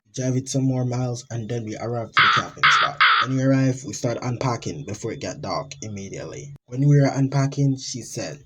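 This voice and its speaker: A man at an average pitch recounts a homemade horror story. His telling rambles and gets dramatic, with rough, unpolished phrasing. It sounds casual and amateur. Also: brisk, few pauses, fairly bright tone, a little hiss or hum, low-quality recording. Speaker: narrator.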